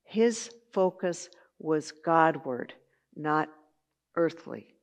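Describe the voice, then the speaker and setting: A woman's voice: sits low, expressive, extremely slow. A woman teaching a Bible study lesson in a conversational way, with chatty asides and filler words.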